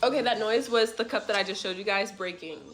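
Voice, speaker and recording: A young woman telling a rambling, animated story about her family's trip in a casual vlog at home, with swearing and side remarks. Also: medium pitch, fast, very noisy. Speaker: family vlogger. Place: at home in a rental apartment.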